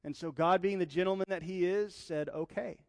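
A man's voice: high voice, fairly even intonation, brisk, no echo, in a large hall. A young man preaching a sermon as a pastor, passionate and telling personal stories.

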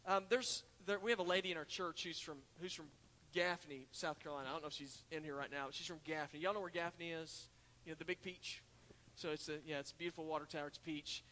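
Speaking quickly with a sharp tone and fairly even intonation, a man with a voice on the high side delivers an earnest sermon in a church sanctuary. He often says "uh" and restarts before climbing to emphatic points. The audio has long hall reverb typical of a church.

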